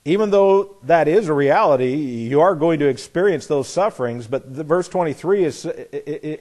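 Male preacher, earnest and emphatic sermon delivery, voice a touch high, given to restarts and rhetorical questions. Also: expressive, moderate pace, few pauses, darkish tone.

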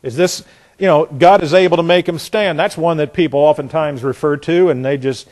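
A man preaching an expository sermon, hammering home key phrases by repeating them and dropping into quiet asides. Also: fairly high pitch, a little fast.

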